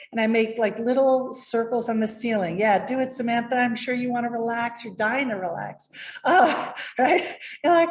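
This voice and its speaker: A woman presentation coach giving lively, encouraging tips to viewers over a video call. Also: a little high, normal speed, reverberant.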